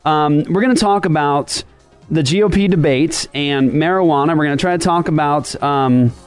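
A man's voice: fairly high pitch, normal speed, smooth, soft background music. A man hosting a ministry podcast, casual and rambling with sarcastic jokes. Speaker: podcast host. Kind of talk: casual ministry talk show.

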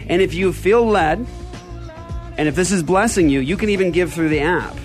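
A man's voice: high-pitched, moderate pace, soft background music. A middle-aged man hosting a church podcast, chatting casually and rambling through appeals. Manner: rambling, restarting pleas for donations. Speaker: podcast host. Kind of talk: casual chat.

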